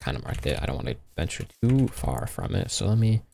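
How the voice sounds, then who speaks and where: A man's voice: on the low side, big pitch swings, brisk, gravelly, background noise. A young man giving casual, rambling commentary while playing a block-building game, talking to himself as he goes. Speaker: gaming YouTuber. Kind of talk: casual Minecraft let's play commentary.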